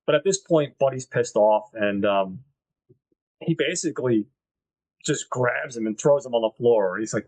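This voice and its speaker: A man co-hosting a movie podcast, retelling scenes in a lively, crude, casual way. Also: mid-range voice, unhurried, low-quality recording. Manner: animated retelling with crude jokes. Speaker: podcast host.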